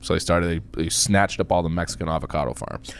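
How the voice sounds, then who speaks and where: A man's voice: low-pitched, fairly even intonation, fast, gravelly, a little hiss or hum. A laid-back man drawling through a casual podcast chat.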